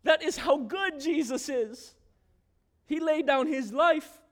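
A man preaching a sermon, moving between hushed scripture reading and impassioned shouted declarations. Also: very high-pitched, slow.

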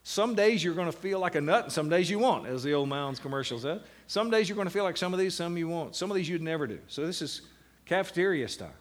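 A male Bible teacher speaking to a live class, his voice sitting a little high. He draws certain words out slowly for emphasis, then rushes through playful asides. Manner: slows to stress single words, lively asides.

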